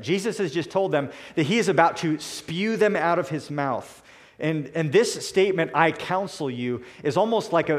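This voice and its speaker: A man preaching a sermon in a deliberate, emphatic way, slowing down to stress key words. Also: fairly high pitch.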